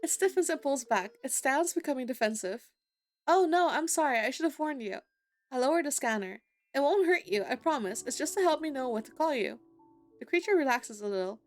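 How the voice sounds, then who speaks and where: A woman streamer reading a dating-sim story aloud in an expressive, giggly way, breaking into excited squeals between lines. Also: sits high, fairly quick, faint music behind. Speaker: gaming streamer. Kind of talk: reading a visual novel aloud.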